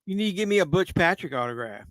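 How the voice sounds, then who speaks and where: A man's voice: sits high, expressive, fast talker, a bit bright, no room sound. A man hosting a live movie watch-along, making casual commentary full of crude jokes. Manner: crude joking banter. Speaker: live-stream host.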